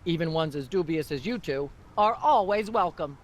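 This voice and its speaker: A woman's voice: low voice, expressive, normal speed. An actress voicing a haughty, pompous middle-aged woman talk-show host in a comedy game. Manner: haughty, droning, endlessly ranting.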